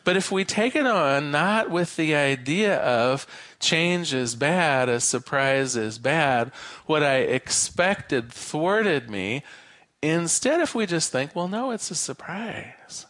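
Lively man giving a sermon. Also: fairly high pitch, slow pace, no echo. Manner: animated storyteller, varies his pace. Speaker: minister.

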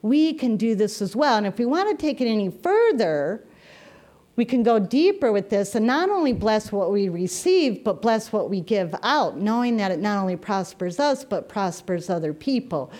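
A woman minister giving a sermon, telling stories with gentle humor. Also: mid-range voice, big pitch swings, normal speed.

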